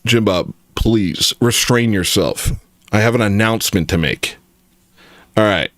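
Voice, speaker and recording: A man's voice: fairly low pitch, unhurried, fairly bright tone, no room sound, clean studio sound. A man hosting a casual comedy livestream, rambling and joking while reacting to chat. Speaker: livestream host.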